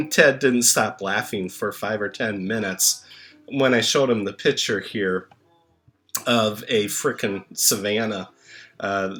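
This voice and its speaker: A man delivers a heartfelt memorial tribute at a very slow, halting pace, pausing often. His voice sits somewhat low yet sounds bright and forward. He fills gaps with frequent hesitations. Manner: slow, halting, many filler pauses. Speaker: channel host reading tributes. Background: soft music.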